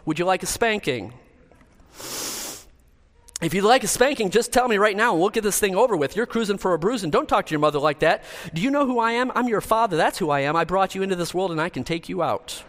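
A preacher doing an exasperated scolding dad. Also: male voice, high voice, animated, fairly bright tone. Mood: indignant. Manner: rapid-fire, indignant, nagging. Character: exasperated scolding father lecturing his child.

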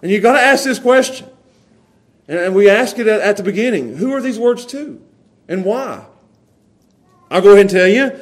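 A man's voice: high-pitched, animated, moderate pace, long pauses. A man preaching a sermon in a church, earnest, often repeating and restarting words. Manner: earnest, builds from quiet prayer to emphatic preaching. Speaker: pastor. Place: church sanctuary.

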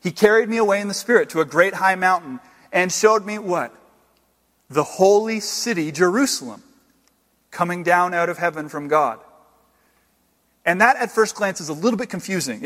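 A male pastor preaching an earnest sermon, swinging between loud exclamations and hushed, slowed emphasis. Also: high voice. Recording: long hall reverb.

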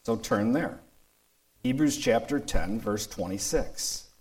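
A man's voice: on the low side, expressive, slow, a little mellow, poor audio. Emphatic male pastor preaching. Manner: emphatic, repeats key points, reads scripture aloud. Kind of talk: sermon.

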